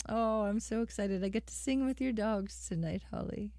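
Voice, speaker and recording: A woman's voice: mid-range voice, normal speed, few pauses, mellow, no echo. A middle-aged woman hosting a live music stream, chatting casually with viewers and calling them by name. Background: guitar accompaniment.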